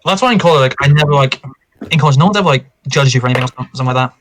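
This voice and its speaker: A man co-hosting a podcast, chatting casually in a quick, rambling way full of "like" and restarts, on a home mic over an online call. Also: medium pitch, crowd noise. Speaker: podcast co-host. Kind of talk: casual chat among friends.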